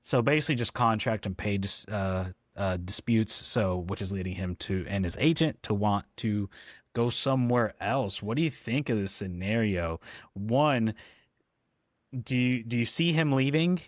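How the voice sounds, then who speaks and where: A man's voice: on the low side, lively intonation, moderate pace, dry recording, studio quality. A man co-hosting a casual football podcast, talking with frequent ums and restarts. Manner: hesitant, lots of ums and restarts. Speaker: podcast co-host.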